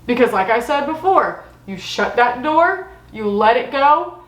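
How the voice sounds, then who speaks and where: A woman from Florida, hosting a casual storytelling vlog in a chatty, animated way, acting out her own quotes. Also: fairly high pitch, unhurried, roomy sound, recorded from a distance, rough recording. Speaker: host.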